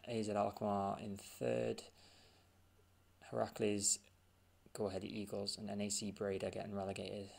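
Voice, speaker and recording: A man with a gravelly, slightly low voice talks through gameplay in a casual, offhand way. He thinks aloud and mutters to himself as he scans results on screen. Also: flat delivery, moderate pace, darkish tone. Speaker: gaming channel host.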